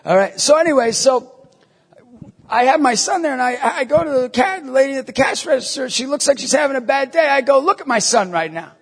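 High, gravelly man in a reverberant hall. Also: fairly quick. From New York State. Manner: animated, jokey, acts out voices and quotes. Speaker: Catholic lay minister. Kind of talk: humorous talk to a live audience.

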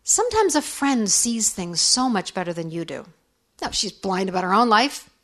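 A middle-aged woman speaks candidly and conversationally, sharing personal stories in a reflective talk for women. Her pitch sits in an ordinary middle range. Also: sing-song, moderate pace, fairly bright tone. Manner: candid, conversational, acts out quoted voices. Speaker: speaker on faith and forgiveness.

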